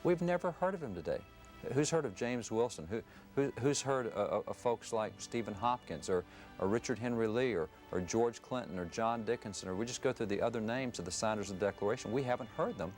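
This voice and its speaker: A man's voice: fairly low pitch, lively intonation, brisk, darkish tone, soft background music. A man speaking as a guest historian, emphatic and fond of lists of rhetorical questions. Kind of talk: interview answers, then scripted narration.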